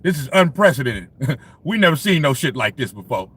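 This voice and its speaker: Animated, laughing livestream sports ranter, a man. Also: mid-range voice, a little fast, slightly rough. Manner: laughs often, heavy profanity, talks straight to the chat. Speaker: sports talk livestream host. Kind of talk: casual profane livestream rant.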